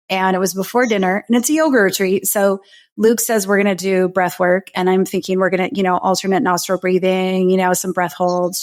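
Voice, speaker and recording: Heartfelt woman telling her story. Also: mid-range voice. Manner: heartfelt, emotional, many restarts. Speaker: guest, breathwork facilitator. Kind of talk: candid storytelling in a podcast interview.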